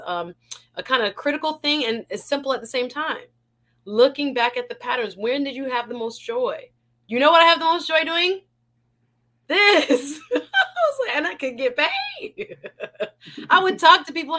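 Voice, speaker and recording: Host: lively woman, high and bright, upbeat and preachy, laughs a lot, talks straight to her live chat. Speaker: talk show host. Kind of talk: live-stream chat reading viewer comments.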